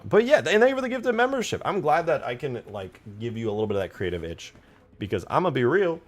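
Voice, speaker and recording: A young man streaming his game modding, chatting casually and profanely as he rambles and answers chat. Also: medium pitch. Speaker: live streamer, game modder. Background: faint music.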